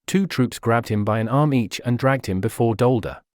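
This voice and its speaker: A man reading a fantasy story aloud in a steady, measured way. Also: mid-range voice, dry recording, clean studio sound. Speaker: narrator. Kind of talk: storybook narration.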